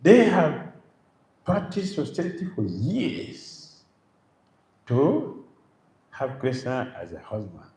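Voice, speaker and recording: A man's voice: mid-range voice, wildly swooping pitch, slow pace, long pauses, dark tone. A man giving a devotional lecture as a monk, emphatic, repeating phrases and firing rhetorical questions. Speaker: monk preacher. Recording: roomy, faint background noise.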